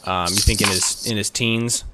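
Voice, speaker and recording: A man's voice: lowish voice, fairly even intonation, normal speed, heavy background noise. A man narrating a tabletop game as game master, rambling with many fillers.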